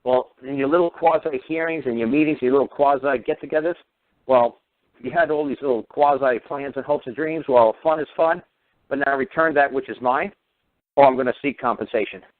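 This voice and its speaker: A man's voice: mid-range voice, brisk, dry recording. A man holds forth on a talk radio show, sarcastic and crude. His dry voice comes through narrow and phone-like, with no room sound around it. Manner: combative, mocking, crude. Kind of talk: ranting radio lecture. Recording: tinny phone-line radio audio.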